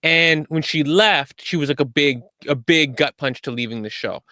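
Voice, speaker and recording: A man's voice: on the high side, pushed and bright, no echo. Casual male podcast co-host, dry close sound. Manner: agreeable, quick, casual with many fillers.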